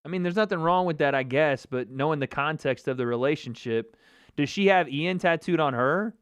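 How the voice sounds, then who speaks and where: A man's voice: on the high side, normal speed, fairly bright tone, clean tone, no echo. A man hosting a live MMA talk stream, commenting casually with mocking, profane banter and frequent laughter. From United States.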